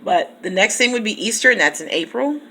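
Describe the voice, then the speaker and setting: A woman's voice: mid-range voice, lively intonation, fairly quick, pushed and bright, slight background noise. A woman teacher chatting casually in her own vlog, laughing often and talking to her viewers by name. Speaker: teacher and YouTube vlogger. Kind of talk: casual vlog chat to subscribers.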